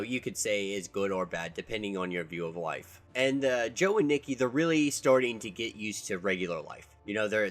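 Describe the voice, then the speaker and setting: A man's voice: fairly low pitch, a bit bright. A man casually recapping a comic book issue, rambling along with many restarts. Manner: rambling, with lots of fillers and restarts.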